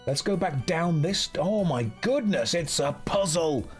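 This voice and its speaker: A man's voice: fairly high pitch, lively intonation, a little slow, soft background music. A man streaming a video game, chatting casually and joking at his own expense. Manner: chatty, self-mocking, jokey. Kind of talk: casual live-stream commentary.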